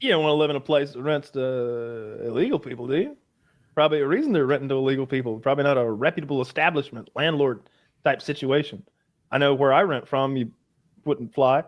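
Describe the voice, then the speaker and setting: A man in the middle of a loose podcast chat, his voice sitting at an ordinary pitch. He rambles and restarts his sentences as he talks his thoughts through. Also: fairly quick, dull audio. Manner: rambling, lots of false starts. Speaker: podcast host. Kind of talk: casual chat.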